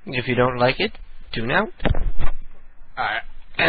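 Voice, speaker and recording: A man hosting a radio show from home, his voice hoarse and strained, rambling loosely and swearing in a self-mocking, meandering way. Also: medium pitch, sing-song, takes it slowly. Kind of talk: casual rambling monologue and call chat. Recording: lo-fi phone-like audio with faint hiss.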